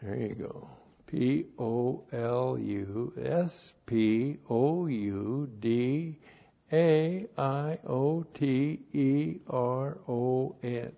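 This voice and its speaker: A man's voice: medium pitch, drawn-out words, gravelly, dark tone. A man teaching a Bible study on Greek words, methodically repeating numbered points and spelling terms letter by letter. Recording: dull lo-fi recording.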